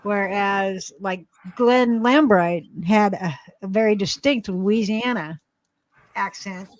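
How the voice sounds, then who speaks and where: A woman's voice: mid-range voice, takes it slowly, no room sound. Rambling, laughing Alabama woman. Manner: rambling, laughs often, swears casually. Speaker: livestream co-host. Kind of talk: casual chat.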